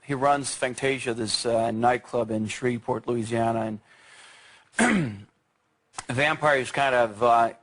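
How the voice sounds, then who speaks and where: Hesitant swedish guy answering questions in a tv studio, lots of ums and restarts, average pitch. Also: slow, a bit bright. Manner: hesitant, many fillers and restarts. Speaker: actor guest. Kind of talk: TV interview answers.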